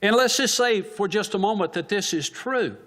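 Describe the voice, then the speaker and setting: A man's voice: high-pitched, lively intonation, moderate pace, a bit bright. A man preaching a sermon in church, asking the congregation questions and answering them himself.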